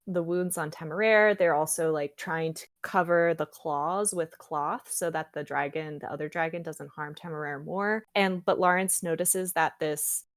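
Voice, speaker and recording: A woman's voice: low-pitched, normal speed, few pauses, dry recording, studio quality. A young woman co-hosting a podcast, eagerly retelling a book's scenes in casual chat full of fillers. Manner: animated retelling with many fillers. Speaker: podcast co-host. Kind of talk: casual book discussion.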